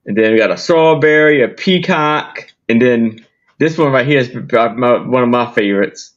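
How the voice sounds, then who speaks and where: A man, a guest vendor on a live sale, describing items in an unhurried, halting way. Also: medium pitch, lo-fi sound.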